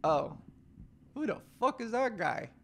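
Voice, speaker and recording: A man's voice: high-pitched, very animated, unhurried, vocal fry, a little hiss or hum. Profane, self-mocking male podcast host. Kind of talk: casual podcast chat.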